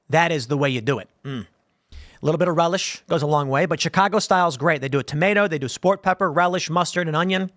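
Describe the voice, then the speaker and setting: A man in his thirties talks through a live-stream show in a loose, rambling way, full of restarts and "like"s. His voice sits a little high and moves a lot. The sound is dry and close, with no room around it. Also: a bit bright, dry recording. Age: 30s. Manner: rambling, conversational, with frequent restarts and "like". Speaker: show host. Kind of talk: casual live-stream commentary.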